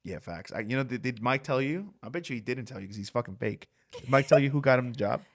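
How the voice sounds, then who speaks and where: A man's voice: mid-range voice, animated, quick pace. Young man swearing through rambling stories. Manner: swears a lot, rambling anecdotes. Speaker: podcast host. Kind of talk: casual chat, storytelling.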